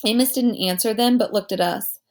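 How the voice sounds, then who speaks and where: A woman reading a children's novel aloud as narrator, telling it in a lively way and giving each character a voice. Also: on the high side, brisk.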